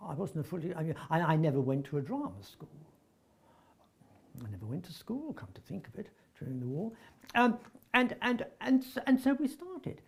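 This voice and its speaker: An older veteran actor from North London looks back on his career in husky, anecdotal reminiscence. His voice sits high and moves at normal speed. He tells stories animatedly, acting out the dialogue and often stammering and restarting.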